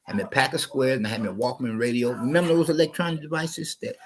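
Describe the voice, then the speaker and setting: Talking very fast at a medium pitch, this man coughs his way through a wandering story on his channel, drifting off topic and saying things more than once. He sounds unwell, and the recording quality is poor.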